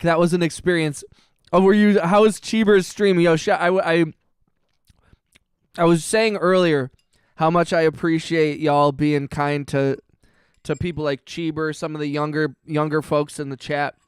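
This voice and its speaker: A man's voice: on the high side, little pitch movement, measured pace, clear, resonant tone, no echo, studio quality. A man hosting a casual livestream, reading chat aloud and joking sarcastically. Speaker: livestream host. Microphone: close mic on stream.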